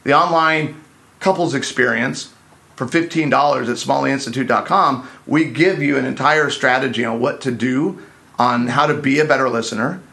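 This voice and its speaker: A man's voice: mid-range voice, normal speed, gravelly, sharp tone. A man hosting a casual podcast for couples with an easygoing, playful manner. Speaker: podcast host, couples counselor.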